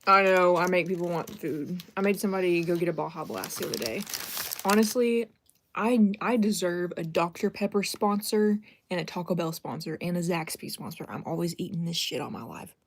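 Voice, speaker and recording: A woman's voice: on the low side, brisk. A young woman chatting casually on a live stream, self-deprecating and thanking viewers as she talks.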